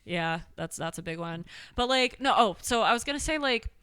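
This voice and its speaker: A woman's voice: fairly high pitch, lively intonation, moderate pace, a bit bright, clear, resonant tone, no room sound. Young woman, podcast guest, chatty, dry close sound. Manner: chatty, laughs often, lots of fillers. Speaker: podcast guest, singer and fitness coach. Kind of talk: casual podcast chat.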